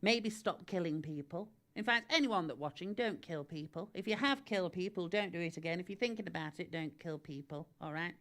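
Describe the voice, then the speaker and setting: Camp deadpan comic host. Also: female voice, lowish voice, a little fast, hardly any pauses. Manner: camp, deadpan, self-aggrandising, addresses viewer by name. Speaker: comedy host. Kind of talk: live-streamed comic advice chat. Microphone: live-stream camera mic.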